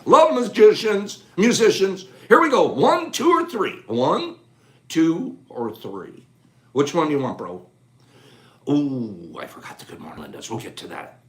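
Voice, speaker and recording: Animated man rattling off lists. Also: fairly high pitch. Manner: rapid list-calling, animated and playful. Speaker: livestream host. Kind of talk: casual live chat with viewers.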